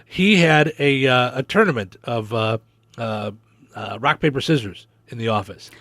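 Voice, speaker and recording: A man's voice: medium pitch, animated, normal speed, a bit bright, no room sound. A man from Chicago with a Chicago accent, co-hosting a casual talk show and bantering playfully with plenty of fillers. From Chicago area. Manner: playful, joking, lots of fillers. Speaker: co-host.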